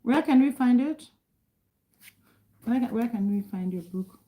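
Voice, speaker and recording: A woman's voice: on the high side, lively intonation, unhurried, mellow, low-quality recording. A middle-aged woman from Kenya chatting casually on a live stream, reading and answering viewer comments, laughing often and restarting sentences.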